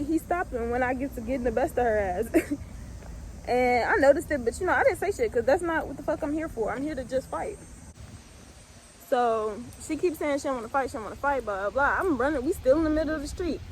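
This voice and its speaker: A young woman from the Midwest with a high, light voice recounts a story for her channel. She talks bluntly and casually, swearing often and padding her sentences with fillers. A faint hum of background noise sits under her voice. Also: expressive, fast, darkish tone, low-quality recording. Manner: blunt, profane, laid-back storytelling with many fillers. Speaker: vlogger.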